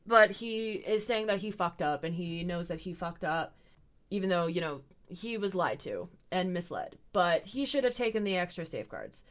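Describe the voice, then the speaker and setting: A woman's voice: lowish voice, lively intonation, normal speed. A young woman recording a casual commentary video at home, talking with sarcastic asides, her voice a little tired. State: voice getting tired. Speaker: commentary YouTuber. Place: at home in front of a camera.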